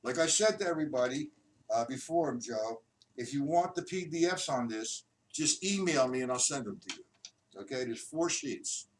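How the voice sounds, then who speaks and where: A man's voice: medium pitch, lively intonation. A man teaching a live-streamed drum lesson, patiently counting beats aloud and explaining each exercise. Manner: slow, patient counting aloud, demonstrating rhythms. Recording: distant mic with loud noise.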